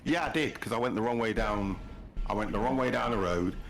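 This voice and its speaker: A man's voice: fairly low pitch, a little fast, a bit bright, soft background music. A man in his fifties chatting casually as host of a gaming stream, teasing and laughing often. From United Kingdom. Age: 50s. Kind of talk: casual chat while gaming. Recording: noisy game-stream audio.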